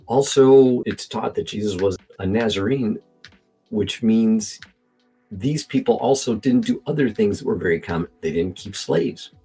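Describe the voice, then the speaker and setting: A man giving casual reaction commentary on a video, animated and argumentative, talking to himself as he edits at his desk mic. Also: mid-range voice, creaky, breathy edge. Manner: animated, argumentative, talks to himself while editing.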